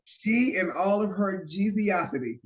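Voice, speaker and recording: A man guesting on a podcast, telling stories in a lively, animated way and acting out the quotes. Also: sits high, unhurried. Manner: animated storyteller who acts out quotes. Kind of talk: casual storytelling chat. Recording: roomy, slightly dull sound.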